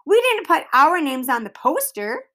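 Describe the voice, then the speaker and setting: An earnest fourth-grade boy, as a woman reader puts him on, pleading his case. His voice sits fairly high and rises and falls a lot. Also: big pitch swings, a little slow, sharp tone, heavily acted. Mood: upset.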